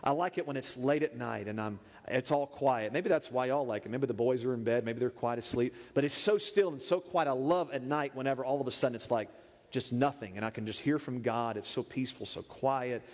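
A man preaching, telling a funny story in an animated, playful way. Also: medium pitch, brisk. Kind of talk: humorous sermon storytelling. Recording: echoey hall reverb.

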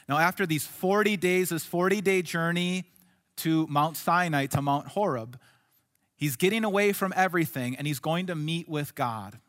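A male pastor preaching a sermon in an earnest way, dropping to soft, hushed lines and then rising to emphatic ones. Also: fairly high pitch, normal speed, in a large hall.

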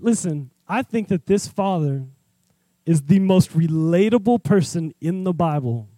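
Brief: conversational male preacher, high voice, acts out the scenes, dry sound. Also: expressive, a little slow, warm tone, dry recording. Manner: candid and personal. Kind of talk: sermon.

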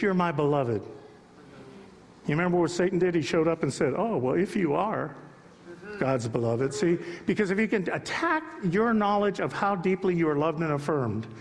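A man's voice: a little high, in a large hall. A male pastor giving a sermon in a church, preaching emphatically and chatting with the congregation in asides. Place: church sanctuary.

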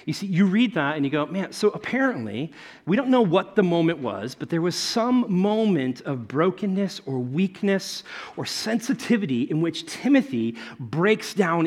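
A man in his thirties preaching a sermon, telling stories and acting out quotes, swinging between loud and soft. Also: fairly high pitch. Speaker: pastor.

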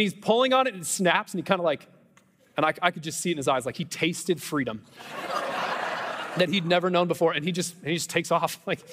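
Guy preaching in a church, chatty and joking at himself, big reverb. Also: sits high. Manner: animated, self-deprecating humor, conversational asides. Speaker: pastor. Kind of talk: Easter sermon with personal stories. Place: church sanctuary.

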